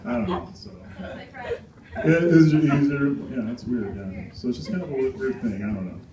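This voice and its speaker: A young man doing an open-mic stand-up set, rambling and crude, halting with fillers and chuckles. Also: mid-range voice. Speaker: stand-up comic. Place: small comedy club stage. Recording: roomy, distant mic with crowd noise. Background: crowd laughter and chatter.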